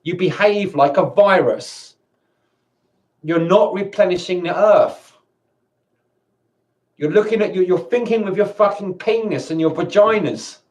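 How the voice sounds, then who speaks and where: A man's voice: sits high, unhurried, long pauses, darkish tone. A man quoting a cold villain program, lecturing with contempt. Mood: scornful.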